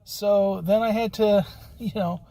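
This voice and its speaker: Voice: mid-range voice, fairly even intonation, takes it slowly, dark tone. Rambling locksmith telling a story. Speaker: locksmith, podcast host. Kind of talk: casual spoken anecdote.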